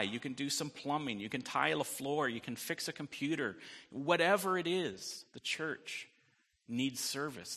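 A man's voice: mid-range voice, bright, forceful tone, long reverb tail. A man preaching a sermon as pastor, in a conversational way, often asking "right?" and adding light jokes.

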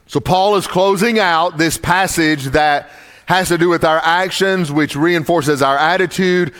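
High-voiced man preaching a sermon. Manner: emphatic, rising to forceful stress on key words; slow, deliberate scripture reading. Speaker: pastor.

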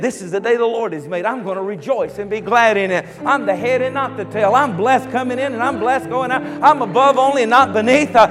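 High-pitched man preaching a sermon, big swings loud to quiet, long echoey hall, faint music behind. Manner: animated preaching, shouting then dropping low. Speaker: pastor.

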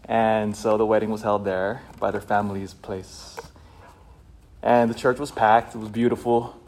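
A male priest giving a passionate homily, swinging between loud, fired-up shouting and hushed, quiet stretches. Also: lowish voice, flat delivery, normal speed. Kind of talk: sermon.

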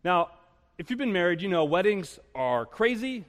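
A fairly high-voiced man delivers a sermon from the pulpit in a lively, storytelling way. He mixes humor with rhetorical questions. His voice rings out with a long reverb through the church hall. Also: moderate pace. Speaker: pastor. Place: church sanctuary.

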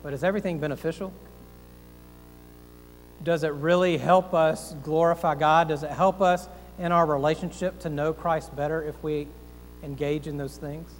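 A man's voice: on the high side, steady tone, normal speed, long reverb tail, a little hiss or hum, poor audio. A man pastor preaching a sermon, earnest and folksy, asking rhetorical questions and making self-deprecating asides.

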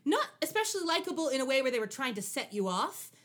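A woman's voice: sits high, quick pace. A young adult woman in a casual chat, wryly recapping a TV episode and acting out lines from it. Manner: animated, wry, acts out lines from the show. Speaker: podcast co-host.

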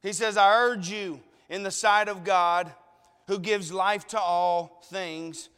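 A tearful preacher, high and slow. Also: male voice, steady tone, sharp tone, smooth, long reverb tail. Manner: emotional, pleading rhetorical questions. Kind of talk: sermon.

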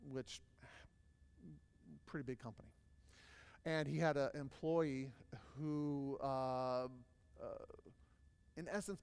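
A man's voice: mid-range voice, a little mellow, clear, resonant tone. A man presenting a workshop to a live audience, telling stories casually with plenty of fillers. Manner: casual storytelling with many fillers. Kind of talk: live class talk to an audience. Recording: long hall reverb.

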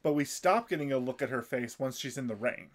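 A man's voice: mid-range voice, expressive, fairly quick. A man in casual chat, retelling an episode in detail with frequent restarts and fillers. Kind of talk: casual chat recapping an anime.

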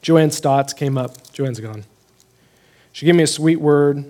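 A young adult man pastor telling a personal story in a conversational sermon, animated and rising when he proclaims scripture. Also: a little high, slow.

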